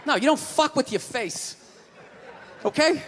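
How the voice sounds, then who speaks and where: A man performing stand-up on stage, ranting in a loud, profane way with a very high, strained voice. His voice rings out with a long reverb through the venue while the crowd is clearly heard behind him. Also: animated, a little slow. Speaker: stand-up comedian. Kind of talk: stand-up routine. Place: comedy stage before a live audience. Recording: live stage recording, long reverb, audience noise.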